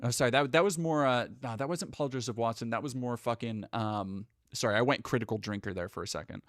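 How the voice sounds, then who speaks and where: A man's voice: medium pitch, fast, a bit bright, no echo, clean studio sound. A man live streaming, rambling through sarcastic casual commentary with lots of restarts.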